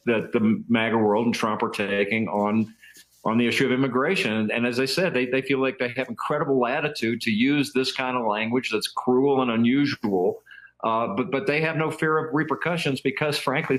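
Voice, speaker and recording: Guest commentator, male, mid pitch, measured, restarts phrases. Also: fairly even intonation, fairly bright tone, low-quality recording. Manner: measured, repeats words at starts. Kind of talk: news interview answer.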